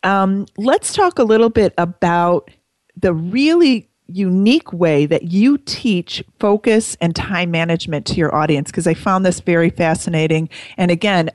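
Woman, interview host, chatty, lowish pitch, dry close audio. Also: moderate pace, a little mellow, dry recording. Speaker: podcast host. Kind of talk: casual interview talk.

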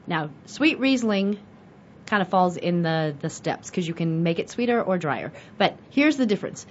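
Host type: animated American woman explaining wine, low-pitched, on a dull lo-fi recording with faint hiss. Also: moderate pace. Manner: chatty, animated, asks and answers her own questions. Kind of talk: casual teaching monologue.

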